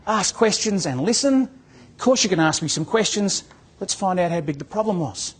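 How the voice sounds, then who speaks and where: A man's voice: high-pitched, expressive, moderate pace, breathy edge. A man giving a motivational talk to real estate agents as a business coach, telling a story and acting out its dialogue. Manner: storytelling, acts out dialogue, repeats words.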